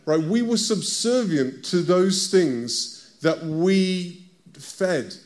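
A man with a British accent preaches a conversational sermon in a high-pitched, expressive voice, speaking very slowly. He often stops to put direct questions to his listeners.

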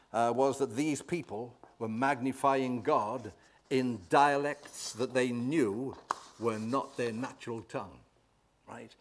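Emphatic male preacher delivering a sermon. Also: mid-range voice. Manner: emphatic, swells loud on key words, asks the congregation "right?".

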